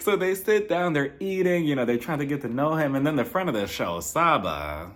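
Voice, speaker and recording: A man's voice: on the high side, fairly bright tone. A man hosting a casual, gossipy recap of a reality TV episode, chatting and acting out what people said in playful voices. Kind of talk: casual episode review commentary.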